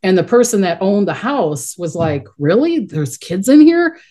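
A woman's voice: mid-range voice, sing-song, normal speed, warm tone. A middle-aged woman telling stories in a casual interview, rambling and chatty, often restarting her sentences. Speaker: guest, psychic medium.

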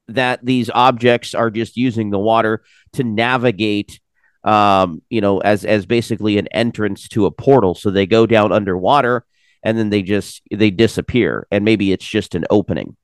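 A man being interviewed, explaining at length in a measured way with frequent filler pauses and a dry sense of humor. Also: fairly low pitch, no room sound. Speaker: interview guest, researcher of unexplained phenomena. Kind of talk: casual interview chat.

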